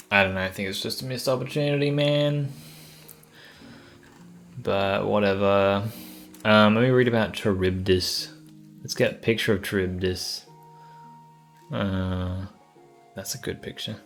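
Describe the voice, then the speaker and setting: A man's voice: fairly low pitch, fairly bright tone. A man streaming live, chatting casually and reading lore aloud, rambling, swearing offhandedly and sounding out tricky words. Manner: laid-back and swears casually.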